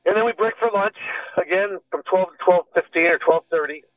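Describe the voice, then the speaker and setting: A former detective, a man, talks through his story in a loose, conversational way, restarting sentences and quoting what others said. His voice sits a touch high for a man and comes through a tinny phone-like line. The sound is dry, with faint music beneath. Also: fairly quick, dry recording. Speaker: former police detective, interview guest. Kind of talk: recounting a story in casual talk.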